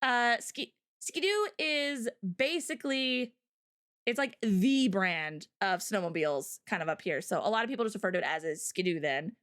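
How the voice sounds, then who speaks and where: A woman's voice: mid-range voice, lively intonation, moderate pace, fairly bright tone. A young Canadian woman with a Canadian accent, hosting a casual livestream chat in a giggly, rambling way full of fillers. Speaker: livestream host.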